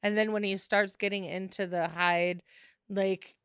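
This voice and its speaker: Woman on a movie podcast, smooth clear voice, dry sound, wry comments. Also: medium pitch, little pitch movement, unhurried, a bit bright, dry recording. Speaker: podcast co-host. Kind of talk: casual movie-review chat.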